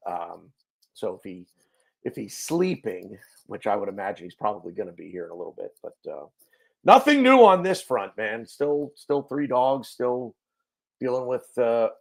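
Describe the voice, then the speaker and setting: A man's voice: on the low side, normal speed, gravelly, mellow. A man hosting a casual fan show over a video call, chatty and joking, with many fillers. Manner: chatty, jokey, lots of fillers. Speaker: podcast host.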